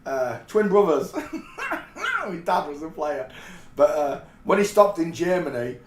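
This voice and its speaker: A man's voice: fairly high pitch, wildly swooping pitch, slow, background noise. A man from England, telling rambling anecdotes in a casual way and often breaking into laughter. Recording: roomy echo.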